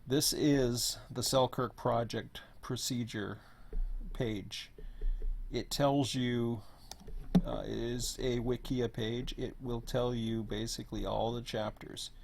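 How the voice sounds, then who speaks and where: A hoarse man who is losing his voice gives a rambling, offhand walkthrough as host of an online server. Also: mid-range voice, steady tone, slow, a little hiss or hum. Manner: rambling, offhand, says "blah, blah, blah". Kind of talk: casual screen walkthrough.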